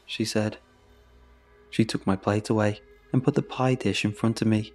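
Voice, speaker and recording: A man narrating a horror story in a measured, steady way. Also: lowish voice. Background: faint music.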